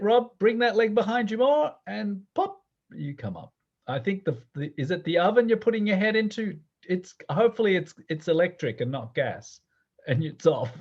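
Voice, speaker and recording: A man teaching a guided movement class, giving gentle, playful instructions and often laughing. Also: high-pitched, muffled recording.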